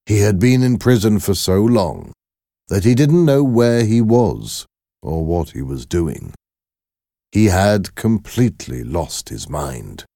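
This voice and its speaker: Male narrator, deep and unhurried, measured storybook reading. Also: very animated, vocal fry, dark tone, no room sound, clean studio sound.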